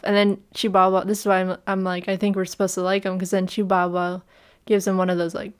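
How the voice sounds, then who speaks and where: Laughing, animated woman podcaster. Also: mid-range voice, a little fast, clean tone. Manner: animated, laughing, swears casually. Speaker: podcast co-host. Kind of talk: casual movie recap chat.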